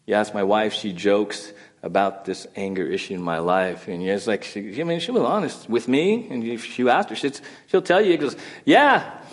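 A middle-aged man preaching a sermon as pastor, in a conversational way, often checking in with "right?". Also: medium pitch.

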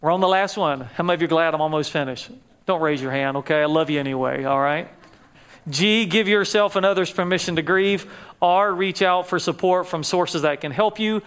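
High-voiced man preaching on grief. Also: fairly quick, a bit bright, clean tone. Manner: conversational, asks the audience questions, jokes lightly. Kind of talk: sermon to a live audience.

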